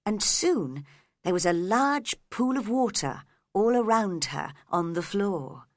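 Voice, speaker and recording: Slow, expressive woman storyteller. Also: medium pitch, no echo, studio quality. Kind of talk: storybook narration.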